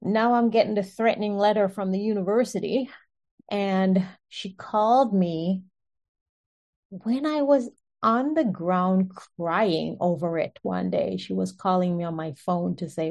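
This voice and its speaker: A woman telling her own story in an earnest, animated way, often breaking into short laughs. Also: mid-range voice, a little slow. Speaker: speaker sharing a personal testimony. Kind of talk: personal storytelling.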